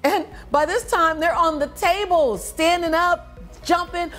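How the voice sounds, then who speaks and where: Middle-aged woman telling a story, super animated, laughs a lot, faint music under it. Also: normal speed. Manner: lively, laughing, acts out voices with big pitch jumps. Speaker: motivational speaker.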